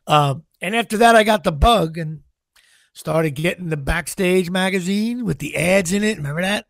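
A middle-aged man from Central New Jersey, a guest actor telling stories in an interview, animated and often stammering and repeating words. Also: sits high, normal speed, vocal fry, dry recording. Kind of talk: anecdotal interview storytelling.

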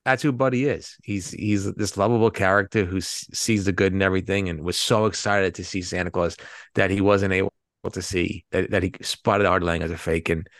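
A man's voice: low-pitched, steady tone, brisk, dry recording, clean studio sound. A man co-hosting a podcast, chatting casually about a film, rambling and swearing freely. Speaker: podcast co-host. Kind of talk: casual movie-review chat.

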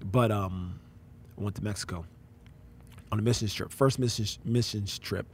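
A man's voice: fairly low pitch, normal speed, slight background noise. A man, a pastor, telling a personal story in casual conversation, acting out quoted voices and using slang.

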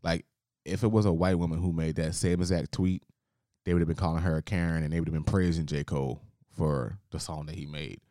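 A man's voice: a bass voice, steady tone, a little fast, dark tone, a little hiss or hum. A man co-hosting a casual podcast, laid-back and blunt with his opinions. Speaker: podcast co-host. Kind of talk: casual chat.

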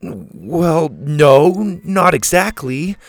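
A man's voice: on the high side, big pitch swings, extremely slow, dry recording, pitched above the performer's own voice, full character voice. A man voicing a defiant, irritable young girl who speaks sharply.

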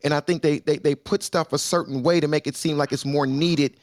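A man hosting a lively casual debate, loud and pushy. He keeps calling his guest brother and talks over people. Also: on the high side, fairly quick, no room sound, studio quality. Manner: boisterous, keeps saying brother. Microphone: remote call mic.

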